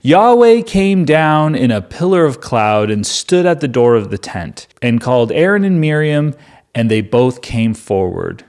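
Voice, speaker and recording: A man's voice: medium pitch, sing-song, measured pace, darkish tone. A man reading scripture aloud and breaking off into joking, sarcastic commentary. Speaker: Bible reader and commentator. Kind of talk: casual Bible reading with commentary.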